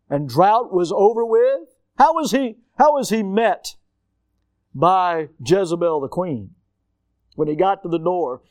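A middle-aged male pastor preaching in an animated storytelling style, full of rhetorical questions. His voice sits somewhat high. The sound is dry and close, with no room echo. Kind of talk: sermon.

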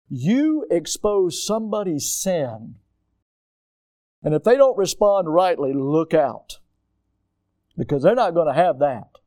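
A middle-aged male pastor preaching in an animated storytelling style, full of rhetorical questions. His voice sits somewhat high. The sound is dry and close, with no room echo. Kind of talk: sermon.

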